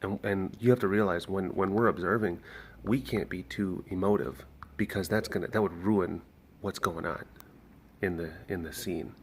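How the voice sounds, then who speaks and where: A young man with a somewhat low voice talks through updates in a loose, rambling vlog manner. He restarts sentences often and leans on fillers as he explains things to his viewers. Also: normal speed, slight background noise. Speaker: animal sanctuary caretaker. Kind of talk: casual vlog talk.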